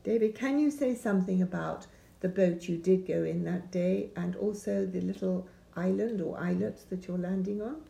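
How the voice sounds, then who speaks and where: A woman interviewer asking gentle, prompting questions in an oral history interview. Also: fairly low pitch, normal speed, vocal fry. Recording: echoey room.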